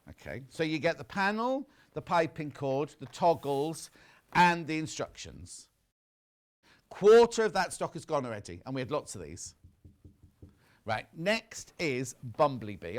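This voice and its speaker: A man hosting a live shopping channel show from a TV studio, showing products in a chatty, teasing way. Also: fairly high pitch.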